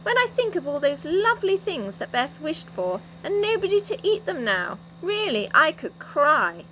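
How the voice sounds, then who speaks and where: A woman's voice: high-pitched, very animated, moderate pace, fairly bright tone, slight background noise, pitched above the performer's own voice, low-quality recording. A woman reading a storybook voices Jo, an impatient boy who complains. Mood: complaining.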